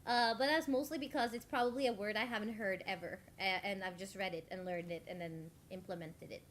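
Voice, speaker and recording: A woman's voice: mid-range voice, steady tone, fairly quick, slight background noise. A young woman from Norway with a near-American English accent, chatting animatedly on a stream, laughing often and rambling with restarts. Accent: near-American English with slight Norwegian traces. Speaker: VTuber streamer. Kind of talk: casual chat on a collab stream.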